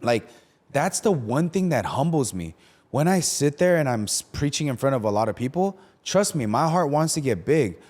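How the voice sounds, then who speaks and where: A young pastor chats casually on a podcast, packing his talk with fillers and acting out quotes. His mid-range voice has a darkish tone and big pitch swings, moving at a moderate pace.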